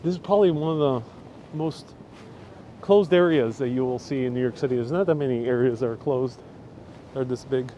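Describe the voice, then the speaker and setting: A man's voice: mid-range voice, normal speed, mellow, dull audio. Walking-tour host, man, casual rambling chatter to live viewers, lapel mic outdoors with light street noise. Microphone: wireless lapel mic.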